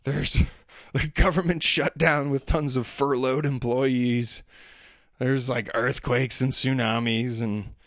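A man's voice: medium pitch, steady tone, slow pace, fairly bright tone, no echo, clean studio sound. A man telling rambling, self-deprecating stories about family life in a casual monologue. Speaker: father talking about daily life.

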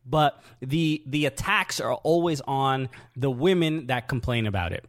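A man co-hosting a comedy podcast in casual chat, talking in an earnest, halting way with many restarts. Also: medium pitch. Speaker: podcast co-host.

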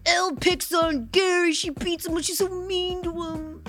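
A woman's voice: very high-pitched, level tone, normal speed, music in the background, pitched above the performer's own voice. A woman putting on a mocking sing-song voice in a put-on accent, playing a whiny fan who pities her co-host.

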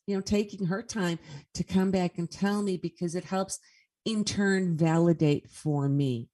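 A woman's voice: fairly low pitch, measured pace, mellow. A woman speaking as a guest medium in a casual interview, telling stories in an earnest way.

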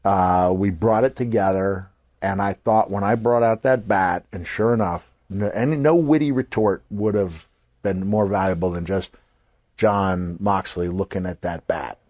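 Older man telling animated stories. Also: deep voice, unhurried, no room sound. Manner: animated storyteller acting out quoted voices, voice jumps to a shout on punchlines. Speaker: podcast host. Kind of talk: casual storytelling.

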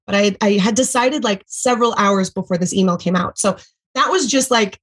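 A woman's voice: mid-range voice, a little fast, rough recording. A woman in her thirties, a podcast guest, tells an emotional story with lots of fillers and acted-out quotes. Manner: animated, acts out quotes, many fillers. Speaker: podcast guest, former MLM seller.

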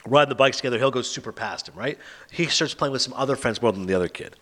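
A man hosting a casual chat, retelling film plots and reviews with an animated, sarcastic manner. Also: medium pitch, quick pace. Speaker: podcast host reviewing films.

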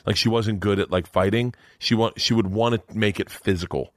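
A man's voice: fairly low pitch, fairly even intonation, brisk, no echo, studio quality. A middle-aged man, a comedian guest, telling rambling, profane stories in casual podcast chat. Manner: rambling storyteller, swears freely.

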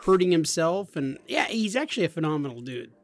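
A man's voice: a little high, big pitch swings, brisk, dry recording. A man in his forties from Nebraska, a teasing, chatty podcast co-host. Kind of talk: casual podcast banter.

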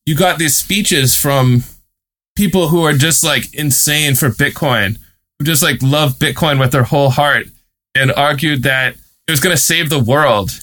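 A man's voice: on the high side, a little slow, sharp tone. A male reporter telling a story in a casual, chatty way, with many fillers and amused laughs. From United States. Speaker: guest reporter and author.

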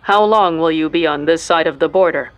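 A narrator voicing a border guard whose speech is smoothed by a voice standardization filter. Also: medium pitch, a little fast, dry recording, lightly acted. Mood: dry. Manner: flat, processed.

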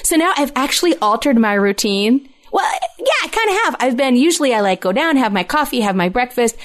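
A woman in her thirties co-hosts a casual podcast chat, her voice sitting a little high. She tells stories in a loose, rambling way and laughs often as she goes. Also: expressive, brisk. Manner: chatty, laughs often while telling stories. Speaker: podcast co-host.

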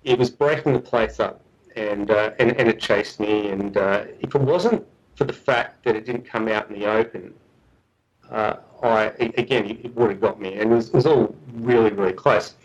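A middle-aged Australian man with a lowish voice tells a story as a guest researcher in a podcast interview. He speaks at a moderate pace, earnestly, often restarting and repeating his words. The recording is rough.

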